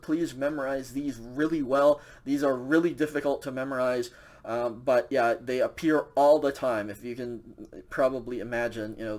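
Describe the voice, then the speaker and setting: A man's voice: medium pitch, a little mellow. A man teaching a recorded language lecture over slides, explaining casually with many fillers and a frequent "okay" check.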